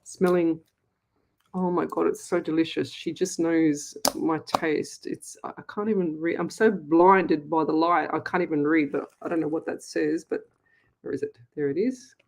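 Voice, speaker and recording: A woman's voice: sits low, fairly even intonation, normal speed, darkish tone, a little hiss or hum, low-quality recording. Gushing woman chatting on a home livestream. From Australia. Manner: gushing, chatty, many restarts. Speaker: psychic medium, livestream host. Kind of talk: casual livestream chat. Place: home office. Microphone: webcam.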